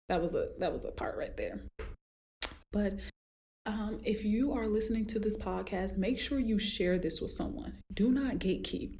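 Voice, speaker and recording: A woman hosting a solo podcast as a fitness trainer, talking casually and acting out her clients in high squeaky voices as she tells stories. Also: slight background noise. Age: adult with a daughter. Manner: animated storytelling, acts out clients in high voices.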